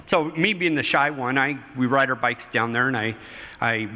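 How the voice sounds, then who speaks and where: Bright-voiced middle-aged man telling stories. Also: medium pitch, normal speed. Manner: animated, laughing storyteller. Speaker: interview guest. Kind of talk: storytelling interview. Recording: hall reverb.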